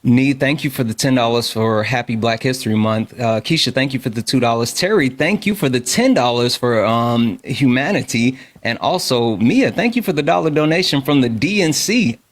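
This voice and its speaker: Relaxed man co-hosting a political livestream, reading out donations. His manner stays easygoing and amused, at a middling pitch. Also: normal speed, hardly any pauses. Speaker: livestream co-host. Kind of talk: casual livestream chat.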